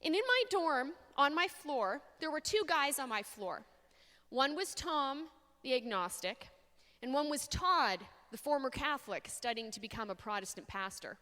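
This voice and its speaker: Woman telling a faith story in a hall. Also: high-pitched. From Canada. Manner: expressive storyteller, dramatic pauses. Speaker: speaker. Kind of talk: faith talk to an audience. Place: large hall. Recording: long hall reverb.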